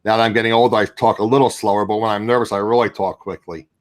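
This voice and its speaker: Man, Philadelphia accent, lower voice, rambling reseller on a video call. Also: fairly even intonation, quick pace. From Southern New Jersey. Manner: rambling, with many fillers and restarts. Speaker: guest reseller. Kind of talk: casual video call chat.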